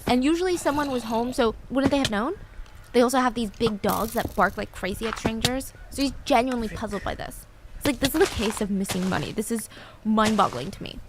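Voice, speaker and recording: A woman's voice: on the high side, background noise. A woman narrating a true story in a casual, chatty way, with filler words and personal asides.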